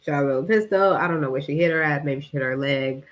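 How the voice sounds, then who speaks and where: A woman vlogger telling a story in casual, slangy talk, animated and often breaking into laughter. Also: low-pitched, fast talker, poor audio.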